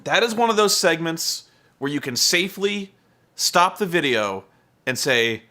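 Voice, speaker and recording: A man with a bright, slightly high voice rants through a wrestling recap with comic exasperation. He swears freely and mimics the wrestlers in a voice that leaps up and down. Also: expressive, measured pace. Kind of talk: comedic profane rant.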